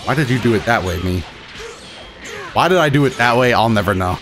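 A man giving live commentary on his own fighting-game matches, excitable, swinging between muttering and shouting, his throat a bit rough. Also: mid-range voice, fairly quick, over music. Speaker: gaming YouTuber.

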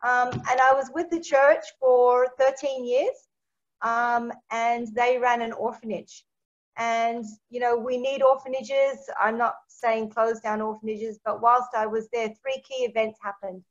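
A woman, a guest telling her personal testimony as a lively storyteller who acts out the dialogue she quotes. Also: a little high, measured pace. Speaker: interview guest. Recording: dull lo-fi recording.

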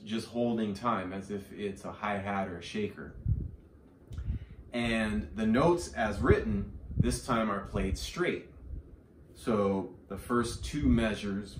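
A man teaching drum exercises, explaining slowly and counting and scatting the rhythms aloud. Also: lowish voice. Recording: roomy, from a distance, faint hiss.

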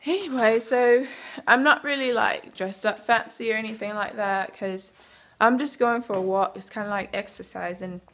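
A woman's voice: fairly high pitch, normal speed, fairly bright tone. A young woman speaking in a put-on British accent, talking casually to her vlog camera in a rambling way with many fillers. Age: young adult. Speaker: vlogger. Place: in her car.

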